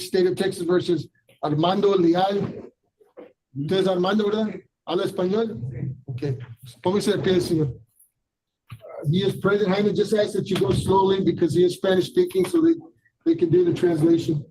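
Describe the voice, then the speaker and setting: A man's voice: high voice, normal speed, dark tone, a little hiss or hum, rough recording. A man presiding as judge at a courtroom hearing, giving firm, instructive warnings. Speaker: magistrate judge.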